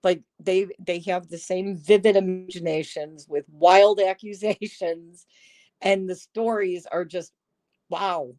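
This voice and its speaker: A woman with a slightly low voice and an unhurried pace, chatting casually to her livestream viewers. She talks into her phone's microphone with no room echo, and she is sarcastic and laughs a lot. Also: steady tone, a little mellow. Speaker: livestream host. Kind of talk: casual live-stream chat.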